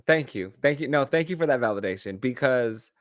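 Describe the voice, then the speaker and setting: A man co-hosting a podcast, chatting casually in an animated way with quick asides. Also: medium pitch, no echo. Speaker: podcast co-host. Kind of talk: casual chat.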